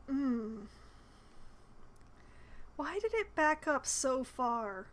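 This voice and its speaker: A woman's voice: high voice, big pitch swings, extremely slow, long pauses, fairly bright tone, a little hiss or hum, low-quality recording. A woman streaming a role-playing game, reading the dialogue aloud and adding wry, chatty asides. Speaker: gamer streaming a playthrough.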